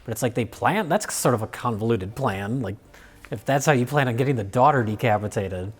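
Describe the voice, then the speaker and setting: A man co-hosting a casual film review chat, animated, swearing and laughing often. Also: medium pitch, a little fast, slightly rough.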